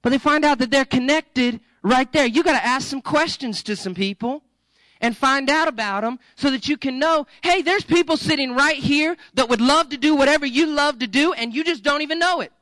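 A male pastor preaching a sermon in a lively, joking, conversational way that coaxes the congregation. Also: extremely high pitch, moderate pace, no echo, rough recording.

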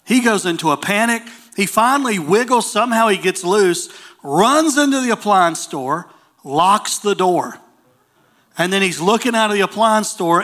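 Man, drawl, preacher, animated church storytelling, high voice, crisp bright tone. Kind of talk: storytelling sermon.

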